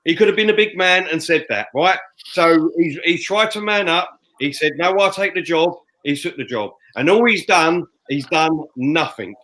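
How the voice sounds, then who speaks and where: A man, co-hosting a fan podcast, ranting loudly and emphatically. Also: fairly high pitch, normal speed, rough recording. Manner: loud, fuming, emphatic. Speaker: fan show co-host. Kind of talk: heated fan podcast rant. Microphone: headphones and studio mic.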